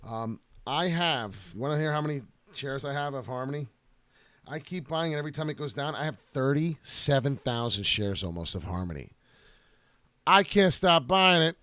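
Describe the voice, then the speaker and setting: A man hosting a casual crypto live stream, excited and rambling with lots of filler "uh"s, talking into a close desk mic at home. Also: mid-range voice, no echo. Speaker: crypto video host.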